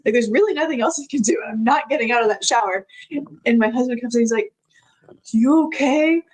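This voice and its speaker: A woman's voice: a little high, fast, rough recording. A woman telling a personal story as a podcast guest, in a chatty way with frequent laughs and many filler words.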